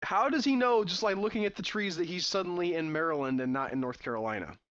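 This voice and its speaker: A man's voice: sits high, quick pace, fairly bright tone, muffled recording. A man playing a text adventure, reading the game's text aloud and breaking off for sarcastic, puzzled asides. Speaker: let's-play gamer.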